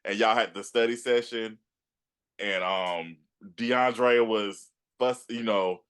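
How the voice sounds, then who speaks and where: A man's voice: lowish voice, steady tone, slow pace, a bit bright, clear, resonant tone. A man hosting an interview show, reminiscing in an easygoing, rambling way. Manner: easygoing, rambling with fillers and restarts. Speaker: podcast host. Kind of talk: casual interview chat.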